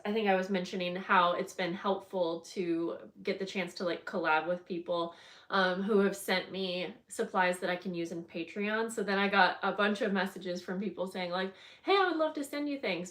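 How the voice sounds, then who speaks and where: A woman's voice: medium pitch, a bit bright. A woman talks casually to her viewers while she works on a craft project. She rambles and restarts her sentences often, fills gaps with "um" and "like", and keeps a friendly, chatty tone. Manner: friendly, greets viewers by name. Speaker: craft channel host.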